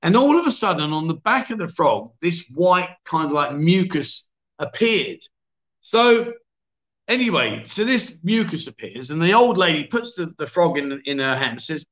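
A chatty man hosting a casual livestream, his voice sitting a little high for a man. He tells stories in a loose, self-mocking way, full of fillers and little voices for the people he quotes. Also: very animated, a little fast, bright, forceful tone. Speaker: livestream chat show host. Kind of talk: casual storytelling and reading viewer comments.

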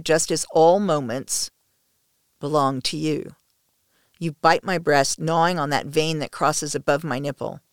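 A woman narrating an intimate first-person story in a soft, hushed, slow manner. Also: low voice, creaky, no echo, studio quality.

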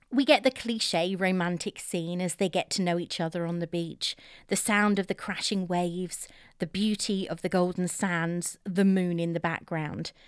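Woman, film recap host; chatty, opinionated, smooth lower voice. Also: no echo, clean studio sound. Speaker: film reviewer.

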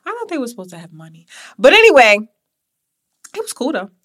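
Young woman podcast host, bright tone, casual digressive storyteller. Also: high voice, big pitch swings, brisk. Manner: chatty, digressive, with asides to listeners.

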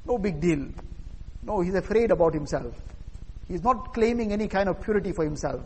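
A man's voice: high-pitched, lively intonation, fairly quick, warm tone, breathy edge. A man preaching a sermon, telling a story earnestly and voicing the people in it. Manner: earnest narrative telling with quoted dialogue. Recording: long hall reverb.

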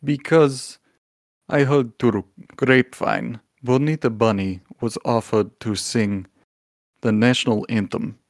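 A man voicing a smooth-talking male animal talent agent in a tabletop role-play, formal and scheming. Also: mid-range voice, fairly even intonation, slow, dry recording, studio quality.

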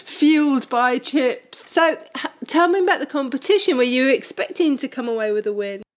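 Woman interviewer, light and teasing, a touch high in pitch, quick to laugh. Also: animated. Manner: playful, teasing, laughs along. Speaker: podcast host. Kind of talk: casual interview.

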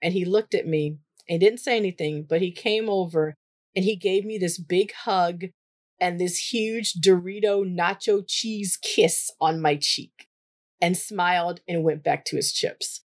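Chatty woman with a lowish voice. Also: measured pace. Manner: chatty, animated, jumps high when quoting herself. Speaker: therapist for autistic children. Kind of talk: casual spoken storytelling.

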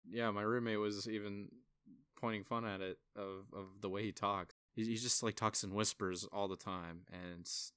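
Animated young man with a smooth low voice. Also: moderate pace, no room sound, clean studio sound. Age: young adult. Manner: animated, acts out his own reactions with big jumps in pitch. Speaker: podcast co-host. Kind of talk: casual film review chat.

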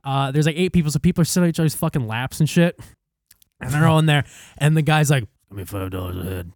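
Fast-talking and a little high, this young man swears a lot and laughs between lines as he tells a podcast story. His animated, casual delivery is captured in clean studio sound with no room tone.

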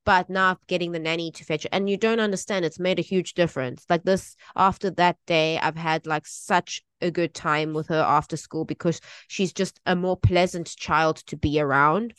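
Soft-spoken woman with a smooth voice. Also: on the low side, steady tone, moderate pace, hardly any pauses, no room sound. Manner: emotional, rambling, with many restarts and fillers. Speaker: podcast co-host. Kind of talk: casual chat.

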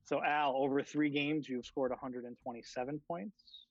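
A man's voice: medium pitch, steady tone, normal speed, no echo. A man hosting a casual podcast chat over a video call, laughing often and swearing casually. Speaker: podcast host. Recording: dull lo-fi sound.

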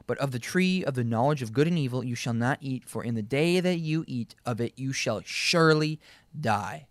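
A man's voice: medium pitch, lively intonation, normal speed, no echo, clean studio sound. A man leading a casual Bible study, reading verses aloud and explaining them word by word. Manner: reads scripture aloud, repeats key words, laughs easily. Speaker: Bible teacher.

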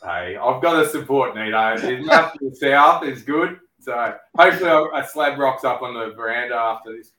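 A man's voice: mid-range voice, expressive, normal speed, hardly any pauses, pushed and bright, far from the mic. Easygoing Australian man in an echoey room. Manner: easygoing, plain-spoken. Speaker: guest, former footballer. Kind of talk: casual chat. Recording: roomy echo.

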